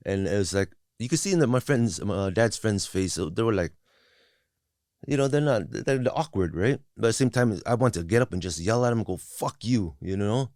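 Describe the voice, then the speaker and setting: A man's voice: lowish voice, a little fast, darkish tone, no echo, studio quality. A man in his forties telling his life story bluntly and profanely, with many restarts and "you know what I mean" tags; English is not his first language. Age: 40s. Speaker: guest. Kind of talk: candid personal storytelling.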